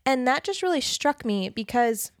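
A woman co-hosting a casual faith discussion podcast, talking in an earnest, animated way and acting out quoted lines. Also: high voice, normal speed, no room sound, clean studio sound. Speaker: podcast co-host.

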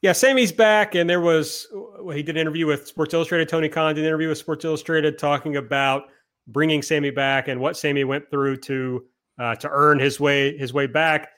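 A man's voice: a little high, fairly even intonation, a little fast, a bit bright. A man hosting a casual podcast, recapping events from his notes in a chatty, self-deprecating way. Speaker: podcast host. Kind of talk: casual chat, recapping wrestling.

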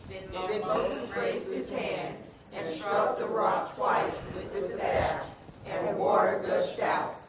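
A congregation member reading scripture aloud in a steady manner in a church. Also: medium pitch, slow, over a noisy crowd. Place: church sanctuary. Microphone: far from the mic. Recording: echoey church from far off.

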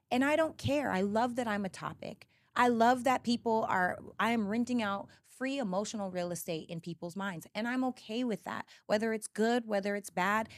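A woman speaks candidly as a podcast guest, her voice at an ordinary middle pitch. She talks in emphatic, animated bursts and often starts a phrase over. The studio sound is close and dry. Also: dry recording. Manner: emphatic, animated storytelling with frequent restarts. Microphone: studio podcast mic.

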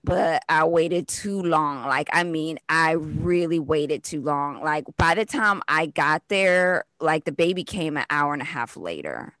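A woman's voice: sits low, measured pace, hardly any pauses, no echo. A woman, a mother of two, telling her birth stories in casual chat and acting out what others said. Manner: animated storyteller, acts out quoted voices.

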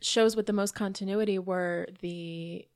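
A woman's voice: mid-range voice, fairly even intonation, measured pace, a little mellow, clear, resonant tone. A woman co-hosting a podcast, talking in an easygoing, thoughtful way. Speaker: podcast co-host. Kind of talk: casual chat.

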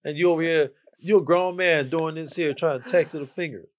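A jazz musician appearing as a guest on a casual podcast speaks briskly in a fairly high voice. He playfully lectures the listeners and repeats phrases for emphasis.

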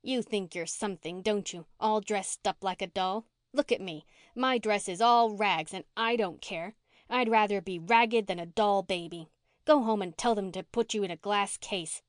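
A woman's voice: mid-range voice, normal speed, no room sound, clean studio sound, lightly acted. A woman voicing a bold, rude young orphan girl who taunts and bosses in a storybook reading. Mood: taunting. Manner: taunting, bossy.

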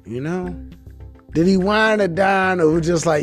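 A man's voice: sits high, unhurried, soft background music. A man hosting a casual, rambling monologue, a little intoxicated, talking in a profane, laid-back way. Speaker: podcast host.

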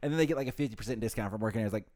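A young man talks fast and loose in a casual chat. He rants with lots of swearing about his work behind a coffee counter. He slips into quick voices to act out his customers. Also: lowish voice, a little mellow. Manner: fast, profane ranting, acts out customers. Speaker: podcast co-host, barista.

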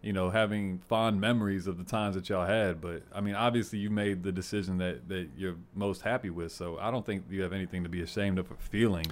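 A male podcast co-host with a very low voice. He speaks calmly and reassures the caller in easy, casual talk. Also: a little fast, hardly any pauses. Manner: reassuring, calm.

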